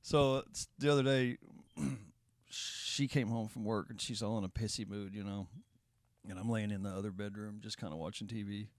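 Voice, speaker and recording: A man's voice: on the low side, steady tone, normal speed, no echo, clean studio sound. A man hosting a reaction video, chatting casually with lots of swearing and laughter. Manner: laid-back, profane, laughs often.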